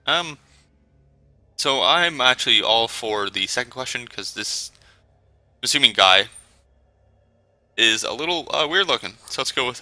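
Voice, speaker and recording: A man's voice: mid-range voice, animated, a little slow, pauses often, bright, forceful tone, no room sound. A man giving casual, chatty gameplay commentary with self-deprecating asides. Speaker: gameplay streamer. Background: faint game music.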